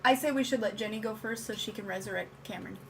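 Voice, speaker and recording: A woman's voice: mid-range voice, vocal fry, fairly bright tone, slight background noise. A woman playing a tabletop game, chatting casually and laughing easily. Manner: quick to laugh. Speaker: player.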